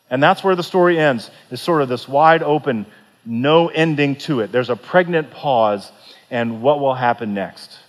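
A pastor preaching a sermon, retelling a parable with earnest rhetorical questions and soft, pleading quoted lines. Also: male voice, on the high side. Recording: long reverb of a large hall.

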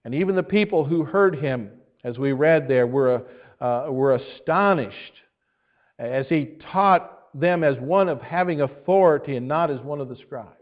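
High-voiced preaching man, muffled recording. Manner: earnest preaching with emphatic pauses. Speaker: pastor. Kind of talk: sermon.

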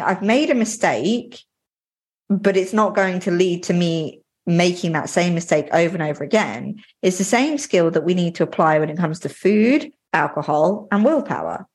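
A woman's voice: lowish voice, husky. A woman hosting a podcast and coaching listeners directly, in an earnest and plain-spoken way. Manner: plain-spoken, slightly informal. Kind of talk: motivational podcast talk.

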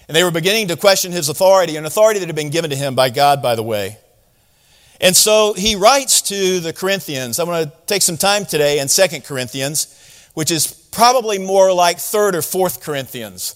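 A man with a high-pitched voice preaches to his congregation in a relaxed, conversational way. He slips into casual paraphrases of scripture and points out sarcasm. His voice carries a long, ringing hall reverb. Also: brisk. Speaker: pastor. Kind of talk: sermon.

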